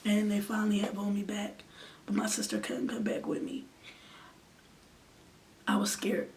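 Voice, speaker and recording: A woman's voice: mid-range voice, completely flat delivery, normal speed, creaky, a little mellow. A woman in her twenties telling an emotional storytime in an earnest way, sometimes sinking to a near-whisper. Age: 20s. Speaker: vlogger. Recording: distant mic with faint background noise.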